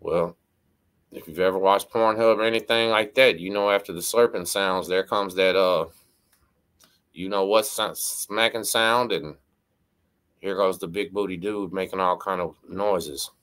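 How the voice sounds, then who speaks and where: Deep-voiced middle-aged storyteller. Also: male voice, steady tone, a little slow, a bit bright, clean tone. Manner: conversational, frequent "right?" and "you know what I mean" asides. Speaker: host. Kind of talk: casual storytelling.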